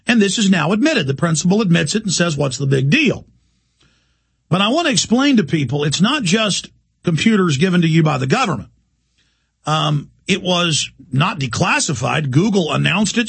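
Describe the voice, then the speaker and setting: A man's voice: fairly high pitch, vocal fry, fairly bright tone, slightly rough. A man hosting a talk show, delivering an urgent, impassioned monologue.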